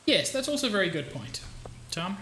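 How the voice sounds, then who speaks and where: Chatty game streamer, bright tone, thanks viewers, recorded with room echo and faint noise. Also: medium pitch, big pitch swings, fairly quick. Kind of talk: casual gameplay stream chat.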